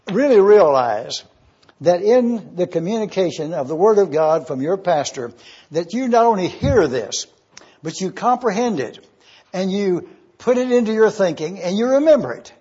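High, husky-voiced preacher teaching slowly. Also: male voice, lively intonation, dark tone. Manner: slow, emphatic teaching with deliberate repetition. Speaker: pastor. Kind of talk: expository sermon. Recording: dull lo-fi sermon recording.

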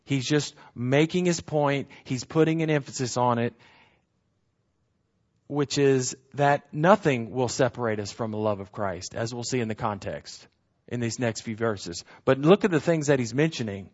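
A man leads a bible lesson, walking through scripture and defining its words. His voice sits at an ordinary middle pitch, and he repeats key lines for emphasis. The recording sounds a bit muffled and lo-fi. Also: moderate pace, darkish tone. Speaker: bible teacher. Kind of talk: verse-by-verse bible teaching.

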